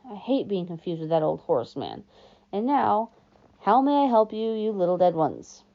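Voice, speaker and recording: A woman voicing a smooth, greedy male ferryman of the dead, with a put-on British-like accent, drawling sweetly and coldly. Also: medium pitch, big pitch swings, moderate pace. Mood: smug. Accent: put-on British-like accent, as a second language. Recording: dull lo-fi recording.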